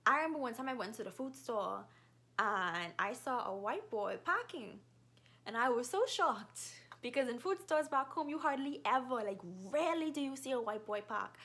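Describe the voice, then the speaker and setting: A young woman in her twenties with a Bahamian accent, telling stories quickly and animatedly in a casual vlog. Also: on the high side. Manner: fast-talking, animated storyteller.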